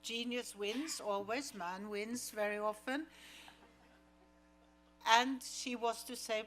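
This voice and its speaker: Slow, measured woman telling stories on stage. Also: mid-range voice, a bit bright, slight background noise. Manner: slow and measured, acting out quoted lines. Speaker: actress, guest at a screening Q&A. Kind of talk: audience Q&A storytelling. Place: cinema auditorium.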